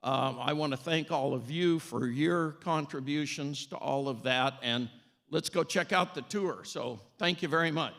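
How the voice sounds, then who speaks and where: A man's voice: a little high, measured pace, creaky, a bit bright. A man who is a city mayor, giving a short, folksy, upbeat speech with frequent fillers and restarts.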